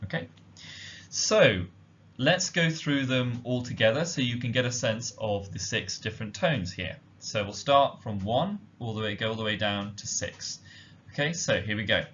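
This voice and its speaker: A man giving a slide-based language lesson, explaining slowly and carefully with frequent ums. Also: medium pitch, lively intonation, fairly bright tone, slight background noise. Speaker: language teacher. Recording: dull lo-fi audio.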